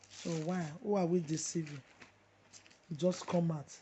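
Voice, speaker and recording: A woman's voice: fairly low pitch, expressive, normal speed, long pauses, background noise. A woman with a Nigerian accent delivering an impassioned, repetitive preaching monologue. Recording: muffled lo-fi recording.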